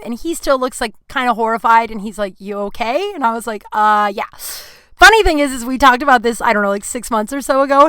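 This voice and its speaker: A woman's voice: fairly high pitch, clear, resonant tone, no room sound. Candid, profane woman telling a story. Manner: candid, profane, animated, lots of fillers. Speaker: comedian podcast host. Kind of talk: casual storytelling.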